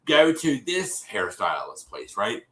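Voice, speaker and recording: Bright-voiced man recapping a show. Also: lowish voice, wildly swooping pitch, takes it slowly, echoey room, low-quality recording. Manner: rambling, restarts often, acts out quotes. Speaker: co-host recapping a TV episode. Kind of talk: casual livestream recap.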